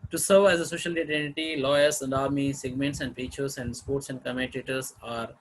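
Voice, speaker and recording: A man teaching a lesson on intonation, explaining slowly with pauses and fillers and clearing his throat now and then. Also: mid-range voice, fairly even intonation, slight background noise, low-quality recording. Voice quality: husky, clears throat often. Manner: slow, halting explanation with fillers and repeated example phrases. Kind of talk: lecture on intonation.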